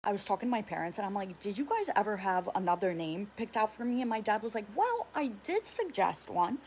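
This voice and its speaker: A young woman telling a funny family story in a storytime vlog, animated and freely swearing as she acts out her parents. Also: mid-range voice, quick pace, a little hiss or hum. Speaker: TikTok creator.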